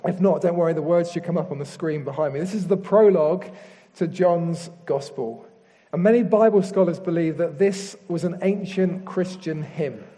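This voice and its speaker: A man preaching a sermon, leading a prayer and reading scripture slowly and earnestly. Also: fairly high pitch. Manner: earnest, slows down and softens in prayer. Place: church hall with screen behind speaker. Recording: long hall reverb.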